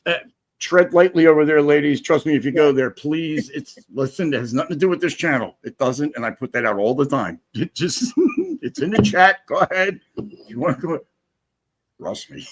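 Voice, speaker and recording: A man's voice: fairly high pitch, expressive, moderate pace. A man chatting as a guest on a livestream, profane and joking, rambling through stories. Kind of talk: casual livestream chat.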